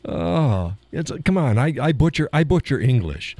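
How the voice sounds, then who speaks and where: A middle-aged man hosting a live stream and bantering with his chat, laughing a lot and joking at his own expense. His voice is low and mellow, with a lively, swooping pitch. He sounds close and dry on a desk mic, with a leftover cough. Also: unhurried, no room sound. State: lingering cough, clears throat. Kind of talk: casual chat reading viewer comments.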